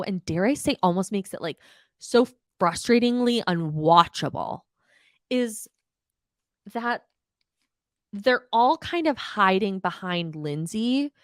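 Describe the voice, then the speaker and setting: A young woman podcast host with a mid-range voice recaps reality TV, sounding casual, animated, and exasperated as she swears freely and mimics the people involved. It's a dry, clean studio recording.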